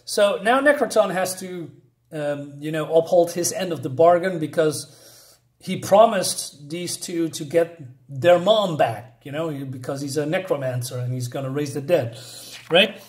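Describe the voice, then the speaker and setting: A man talking through a comic book issue page by page in a casual, halting way, with many fillers and the odd chuckle. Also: on the high side.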